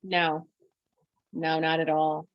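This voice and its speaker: A woman guest on a podcast, telling her story in a halting way, full of restarts and quoted self-talk. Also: deep voice, flat delivery, dry recording. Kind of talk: conversational storytelling. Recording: dull, lo-fi dry sound.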